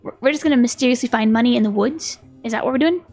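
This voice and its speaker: A woman's voice: a little high, racing, darkish tone, soft background music. A woman streaming a video game live, chatting casually with a giggly, playful manner.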